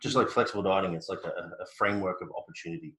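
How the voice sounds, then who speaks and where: A man's voice: low-pitched, racing, gravelly, a bit bright, reverberant, poor audio. An Australian man co-hosting a podcast, chatting in a laid-back, joking way with frequent restarts. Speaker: podcast co-host. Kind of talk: casual chat.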